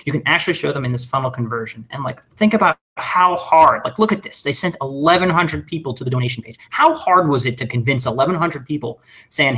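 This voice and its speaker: A man giving a recorded webinar lesson, talking fast and casually with jokes and plenty of fillers. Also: a little high. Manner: energetic, joking, conversational with many fillers. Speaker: webinar trainer.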